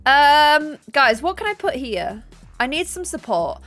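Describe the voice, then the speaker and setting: A young woman streaming a building game, chatting casually and excitedly thanking her viewers. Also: high-pitched, measured pace. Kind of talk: casual gameplay livestream chat. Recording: faint music behind.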